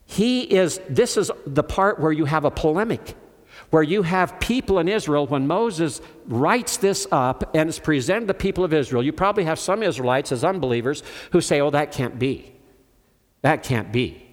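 An older man preaches emphatically, questioning his listeners and calling on them. His voice is a little high and animated at normal speed, with long hall reverb in the recording.

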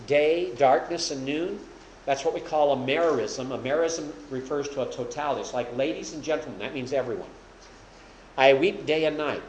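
A man teaching a Bible lesson to a small group, his voice at an ordinary middle pitch. He explains patiently and grows emphatic and louder when he quotes verses. A faint room hum sits behind him. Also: reverberant, low-quality recording. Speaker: preacher teaching a Bible study.

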